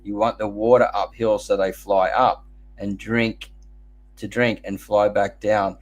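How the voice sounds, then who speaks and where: A man's voice: on the low side, flat delivery, a little slow. An Australian man hosting a live gardening Q&A, chatting casually and rambling into jokey stories. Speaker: host.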